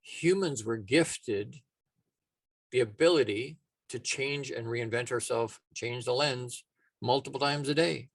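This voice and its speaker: A man's voice: mid-range voice, a little slow, creaky, no room sound. Plainspoken male life coach, dry sound. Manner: casual, repetitive, emphatic with many restarts. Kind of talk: motivational talk.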